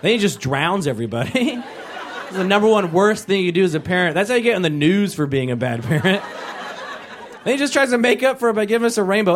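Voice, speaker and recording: A man's voice: high-pitched, sing-song, fast talker, slight background noise. A man performing a rambling stand-up comedy set on stage, acting out quotes in conversational bits. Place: comedy stage before a live audience.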